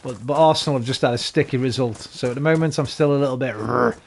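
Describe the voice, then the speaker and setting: A man's voice: mid-range voice, quick pace, vocal fry. A tired man chatting and rambling casually to his viewers while streaming a game. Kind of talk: casual live-stream chat while gaming.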